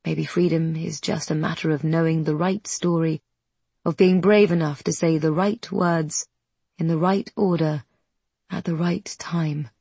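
A woman narrating a fantasy audiobook in a measured, even reading voice. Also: deep voice, gravelly, husky, dry recording.

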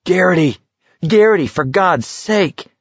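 A man voicing a worried young man who yells and hisses urgently at a struggling friend. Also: sits high, expressive, unhurried, slightly rough, dry recording, pitched above the performer's own voice, heavily acted. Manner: urgent, yelling, hissing. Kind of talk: audiobook character voice. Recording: dull lo-fi recording.

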